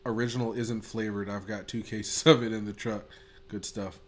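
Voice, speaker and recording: A man co-hosting a casual fishing podcast chat, excitable, laughing often and swearing casually. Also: on the low side, normal speed. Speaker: podcast co-host.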